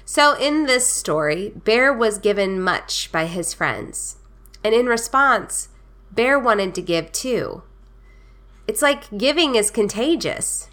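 Woman, podcast host, children's storytime, slow unhurried pace, gentle, friendly. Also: mid-range voice, lively intonation.

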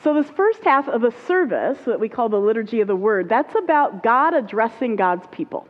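A woman's voice: fairly high pitch, lively intonation, fairly quick. A woman pastor giving a conversational sermon to her congregation. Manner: conversational, uses fillers like right and like. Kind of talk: sermon teaching. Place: church sanctuary. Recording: muffled sound with long hall reverb.

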